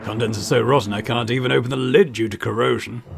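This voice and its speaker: A careful, formal professor with a very gravelly, creaky voice, read aloud by a man. The speech is measured and polite, with faint music behind. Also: medium pitch, fairly even intonation. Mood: cautious. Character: polite male university professor, cautious and formal. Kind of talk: video game voice reading.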